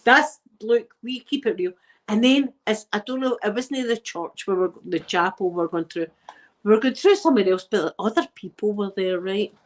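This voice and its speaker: Speaking at normal speed in a medium-pitched voice, this channel host, a middle-aged woman with a Glasgow accent, rambles through casual stories and laughs often.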